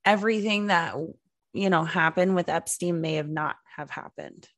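A woman's voice: fairly low pitch, moderate pace, a bit bright, no room sound, studio quality. A young woman co-hosting a casual chat, laughing a lot and swearing casually. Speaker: podcast co-host.

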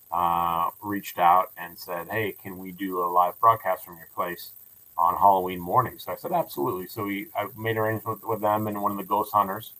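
A man's voice: low voice, rough recording. A man who runs a ghost tour, telling stories in a casual podcast interview with many restarts. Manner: animated storyteller with many restarts. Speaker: building owner and ghost tour operator.

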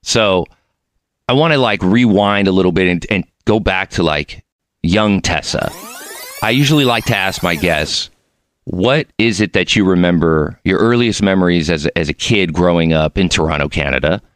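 A man in his forties from Mexico hosts a podcast interview, talking in a loose, rambling way full of restarts. His voice sits on the low side, and the mic sound is dry and close, with no room in it. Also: lively intonation, normal speed, dry recording. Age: 40s. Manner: chatty, rambling, frequent restarts. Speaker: podcast host. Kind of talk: casual interview chat.

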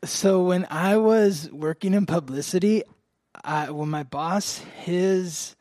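A man's voice: sits high, takes it slowly, a little mellow, no room sound. Chatty man telling a rambling story. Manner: rambling, many "like" fillers, laughs often. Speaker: astrology podcast host. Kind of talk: casual storytelling chat.

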